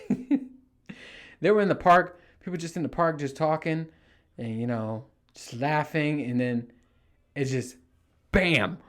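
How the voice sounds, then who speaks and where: A middle-aged man hosting his own show, telling stories casually and acting out his panic in a raised voice, with plenty of swearing. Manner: animated, swears freely, acts out panicked quotes in a higher voice. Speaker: podcast host. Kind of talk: casual storytelling monologue.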